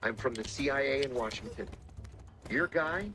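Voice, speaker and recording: A man's voice: medium pitch, lively intonation. Man telling a tense spy story. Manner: measured, dramatic retelling with acted quotes. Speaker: former intelligence officer telling stories. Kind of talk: storytelling interview talk.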